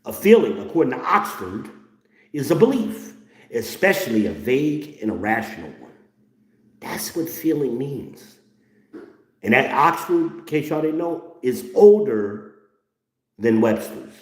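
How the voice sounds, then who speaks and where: A man's voice: mid-range voice, sing-song, measured pace, pauses often, roomy sound. A middle-aged man hosting a blunt, profane, mocking rant. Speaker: host. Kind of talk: ranting commentary.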